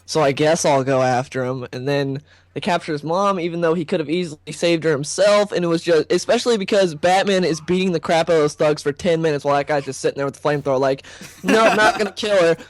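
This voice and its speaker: A man hosting a casual movie debate. He is opinionated and keeps acting out quoted lines in a higher voice. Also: fast, no room sound. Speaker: host.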